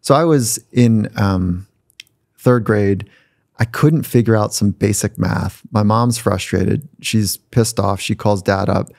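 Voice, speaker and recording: A man with a low, gravelly voice and a mellow, dark tone, talking as a podcast guest. He tells his stories in a reflective, conversational way and slips into the voices of the people he quotes. The sound is dry and close to the mic. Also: slow pace, no room sound. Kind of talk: conversational storytelling. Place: podcast studio.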